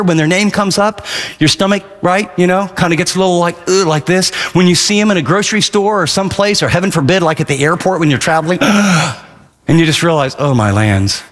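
A man's voice: sits high, fairly bright tone, big-room sound. A man preaching a radio sermon in an emphatic, conversational way, acting out little asides. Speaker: pastor.

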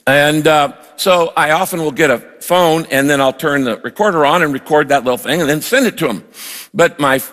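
An older pastor preaches with a lively, storytelling delivery and acts out his own prayers. His voice sits a little high for a man. The sound carries a long reverb, as in a big hall. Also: fairly quick. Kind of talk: sermon with personal story.

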